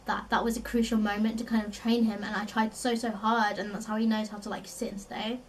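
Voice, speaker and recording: A woman's voice: mid-range voice, flat delivery, brisk, far from the mic, a little hiss or hum, rough recording. A young woman from London with a South East London accent, chatting casually as a vlogger, filling her talk with "like" and laughing often. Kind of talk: casual chat.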